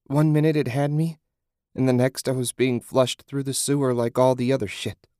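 A man's voice: mid-range voice, fairly even intonation, normal speed, mellow, clean tone, no echo, clean studio sound, voice pushed up, natural voice. A man voicing a weary, sarcastic young woman who has survived a nightmare, speaking bitterly in an audiobook. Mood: sardonic. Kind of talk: audiobook character voice.

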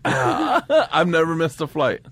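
A comedian guest telling rambling, profane travel stories on a casual podcast, breaking into loud laughter. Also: male voice, on the high side, very animated, takes it slowly, no echo.

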